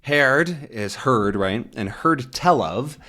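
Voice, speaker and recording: A man reads a comic aloud for English learners, stopping often to explain the words in plain terms. He speaks slowly, and his pitch moves up and down a lot as he restarts his phrases and laughs at himself. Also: expressive, pushed and bright. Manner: slow, careful explaining with frequent restarts and laughs. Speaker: English teacher.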